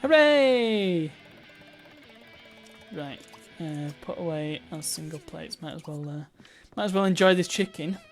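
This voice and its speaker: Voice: mid-range voice, steady tone, moderate pace, hardly any pauses, soft background music. A streamer giving chatty live gameplay commentary, thinking aloud and breaking into playful cheers.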